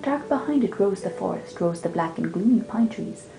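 A woman reviewing books and reading poems aloud in a measured, lilting cadence. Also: mid-range voice, lively intonation, creaky. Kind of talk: book talk with poetry readings. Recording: roomy sound with music underneath.

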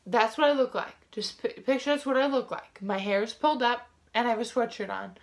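A woman's voice: a little high, a little fast. A woman vlogger telling a story to camera in a casual, rambling way, full of "like" fillers and restarts, frank and indignant.

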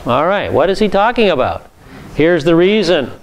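A man's voice: fairly high pitch, big pitch swings, moderate pace, a little hiss or hum. A man, a pastor, giving a methodical Bible teaching session from slides and repeating key words for emphasis.

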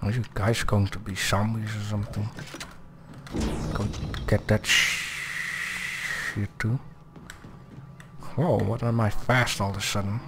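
A man playing through a video game and commenting in a slow, lowish voice. He jokes, swears and thinks aloud, with faint background noise. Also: little pitch movement, fairly bright tone. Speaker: gamer. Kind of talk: casual gameplay commentary.

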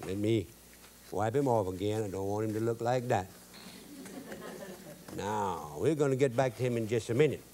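A man's voice: fairly low pitch, moderate pace, pauses often, warm tone, a little hiss or hum. A man with a Cajun accent hosting a cooking show, telling folksy stories in a drawl with loose Cajun grammar. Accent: Cajun Louisiana. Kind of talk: folksy cooking demo with jokes.

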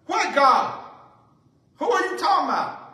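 A scornful Pharaoh, put on by a man, taunts his slaves with one rhetorical question after another. The voice sits very high and sounds bright and forceful. It is heard from far off in an echoey room. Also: sing-song, unhurried, full character voice.

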